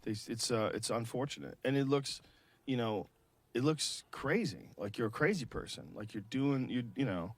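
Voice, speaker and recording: A man's voice: mid-range voice, expressive, normal speed, dry recording. A man hosting a podcast, chatting casually and thinking aloud with restarts and short agreeing asides. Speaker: podcast host. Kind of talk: casual chat.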